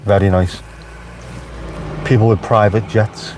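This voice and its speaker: A man's voice: medium pitch, steady tone, moderate pace, pauses often, darkish tone, a little hiss or hum. A man with a Liverpool accent, chatting casually on a live stream from inside his car with wry asides to viewers. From Merseyside, England. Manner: chatty, wry, talks back to live chat.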